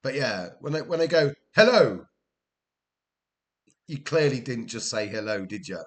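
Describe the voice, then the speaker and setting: A man's voice: mid-range voice, lively intonation, normal speed. An older man, chatting casually to his stream viewers while he plays a football management game, rambling and chuckling as he goes. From Wales.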